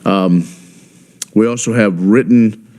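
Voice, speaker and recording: Deep-voiced man chairing a committee. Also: dark tone. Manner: procedural, halting. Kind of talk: chairing a hearing. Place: legislative hearing room.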